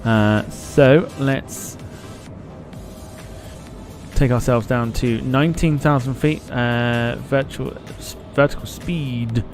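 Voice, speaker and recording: A man's voice: medium pitch, takes it slowly, darkish tone, soft background music. A man hosting a live flight-sim stream, chatting casually, swearing freely and reading comments aloud.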